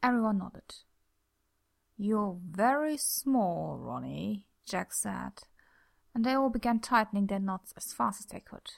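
A woman narrating a story in a calm, steady, soft-spoken way. Her voice sits at a middle pitch with a noticeable gravelly fry running through it. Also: normal speed. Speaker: audiobook narrator.

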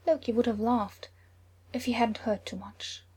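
A woman narrating a story aloud with a husky, breathy voice. She reads dramatically, often sinking into a near whisper. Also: fairly high pitch, fairly even intonation, measured pace, a little mellow. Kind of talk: reading fan fiction aloud.

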